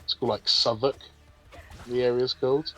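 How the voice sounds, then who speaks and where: A man with a Brighton English accent chatting casually on a gaming stream, rambling and filler-heavy. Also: medium pitch, steady tone, normal speed, faint music behind, poor audio. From southern England.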